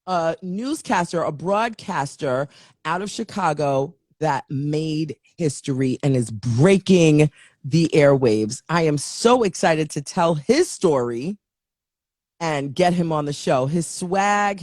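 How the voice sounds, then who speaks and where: A woman's voice: fairly low pitch, dry recording, clean studio sound. A woman hosting her own show, signing off in a chatty, playful way with many fillers. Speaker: show host. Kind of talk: casual show sign-off.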